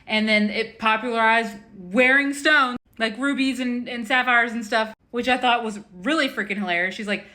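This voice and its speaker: A woman's voice: a little high, normal speed, few pauses, bright, forceful tone. A woman healer telling a story in a casual, chatty way. She says "like" often and acts out the voices of the people she quotes. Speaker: spiritual healer.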